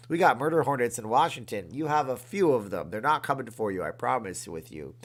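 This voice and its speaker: A man hosting a casual livestream from his room, chatty and reading out viewer comments and thanking them with excitement. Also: medium pitch, brisk, hardly any pauses. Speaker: livestream host.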